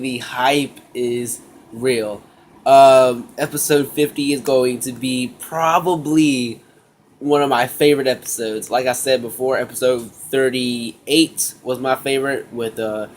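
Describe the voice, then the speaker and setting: A man casually recapping an anime episode, slangy and excitable, acting out the characters' lines in quick bits. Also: mid-range voice, slight background noise. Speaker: anime review vlogger.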